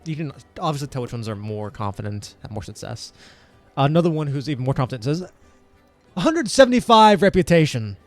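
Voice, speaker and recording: A man narrating as game master for a tabletop game, rambling with lots of fillers and slipping into quick voices for the crowd. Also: medium pitch, a little mellow, no room sound, soft background music.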